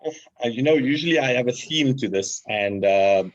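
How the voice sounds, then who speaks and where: A man hosting an online webinar in a relaxed, joking way, with plenty of ums and easy laughter. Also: medium pitch, normal speed, lo-fi sound. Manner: jokey, laughs easily, filler-heavy. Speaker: webinar host. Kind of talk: casual hosting chat. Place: online video call.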